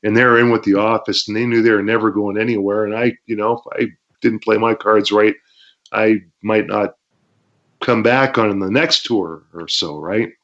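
Brief: Canadian ex-wrestler, guest storyteller, low voice, dull lo-fi audio, acts out the action. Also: male voice, normal speed. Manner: animated, acts out shouts and sound effects, laughs often. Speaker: interview guest, former pro wrestler. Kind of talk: casual storytelling interview.

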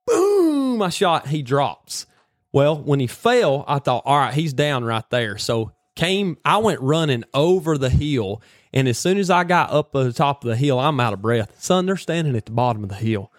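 Animated man telling a hunting story. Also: mid-range voice, normal speed, no echo, clean studio sound. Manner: animated, folksy rural slang. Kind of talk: casual storytelling.

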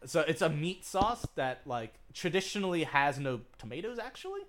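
Background noise accompanies this fairly high, very animated male voice at a moderate pace. He's a young co-host on a laid-back chat podcast, meandering through a cooking tale, cursing liberally and often laughing as he gets riled up.

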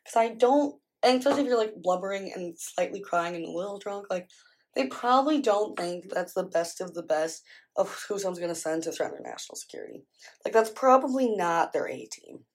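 A woman's voice: medium pitch, sing-song, fairly quick. A woman telling a story casually and rambling, with many filler words, in a storytime vlog. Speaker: vlogger.

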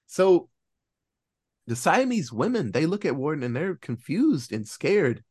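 A man casually recapping a film on a podcast, his voice sitting a little high and swooping all over as he narrates. He acts out the characters' lines in quick asides. He cheers sarcastically and swears offhandedly as the story builds. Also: very animated, a little mellow, breathy edge. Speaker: podcast co-host reviewing a film.

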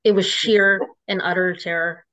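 A woman with a lowish, somewhat bright voice speaks at normal speed with fairly even intonation. As an interview guest, she shares a personal story emotionally and ramblingly, restarting often, on dull lo-fi audio.

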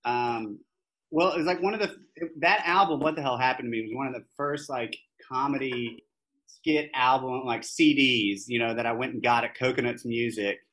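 A man's voice: mid-range voice, moderate pace, rough recording. Easygoing male podcast co-host. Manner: relaxed storytelling with hesitant restarts and casual swearing. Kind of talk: casual chat about movies.

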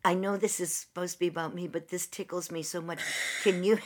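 A woman hosts a casual talk and shares memories with her co-host. Her voice sits low and slightly husky. She tells stories with quick asides and laughs along the way. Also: steady tone. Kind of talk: casual chat.

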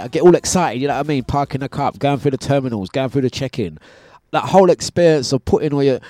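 Male radio host, chatty and animated, middle pitch, dry studio sound. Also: fast, dry recording, faint music behind. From United Kingdom. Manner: chatty, animated storytelling with laughs. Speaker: radio breakfast show host. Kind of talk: casual on-air chat.

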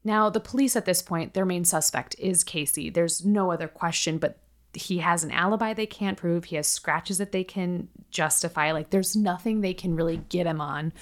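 A woman with a fairly low voice recounts a true-crime case to her co-host. She talks casually and chattily, peppering her sentences with filler words and blunt swearing. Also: moderate pace. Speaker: podcast co-host.

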